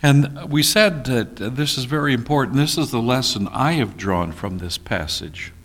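A man teaching a Bible study class, reading scripture deliberately and making folksy, teasing asides to his listeners. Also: mid-range voice, fairly bright tone.

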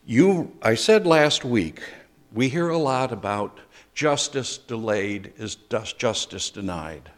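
Slow-speaking older male pastor preaching. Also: medium pitch, expressive. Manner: slow, conversational preaching with dry humor and pauses. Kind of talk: sermon.

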